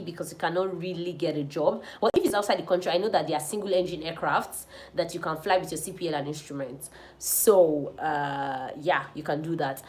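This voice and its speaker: Chatty Nigerian woman answering viewers. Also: on the low side. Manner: chatty, advising, laughs often. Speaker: pilot and channel host. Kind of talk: live stream Q&A with viewers.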